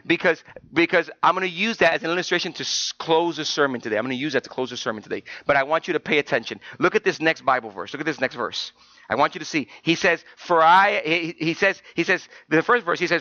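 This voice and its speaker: A pastor preaching a sermon in church, moving between quiet talk and loud, emotional preaching. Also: male voice, on the high side, dry recording, dull audio.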